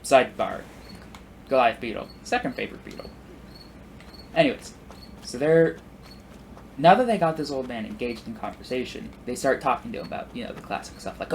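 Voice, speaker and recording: A young man in his twenties rambles through an anecdote while playing a game, drifting into asides and filler words. His voice sits in an ordinary middle pitch. He jumps into animated, higher voices when quoting people, over a faint background hiss. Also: fairly quick. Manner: acts out quoted people with big pitch jumps. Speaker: gameplay commentator. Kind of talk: casual storytelling while playing.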